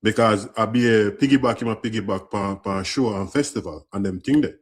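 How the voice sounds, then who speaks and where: A man with a Jamaican accent arguing his point in a live stream debate, stumbling and repeating words as he builds his case. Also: on the low side. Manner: argumentative, halting with repeated words. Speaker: debate caller.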